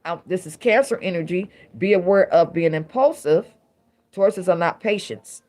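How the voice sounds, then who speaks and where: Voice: mid-range voice, moderate pace, a little mellow. A middle-aged tarot reader giving a casual, emphatic reading to viewers, full of rhyming catchphrases.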